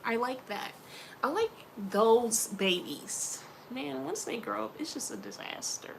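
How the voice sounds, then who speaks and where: A woman vlogger chatting casually to camera, animated and playful, with slangy asides. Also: on the high side, measured pace, gravelly, a little hiss or hum.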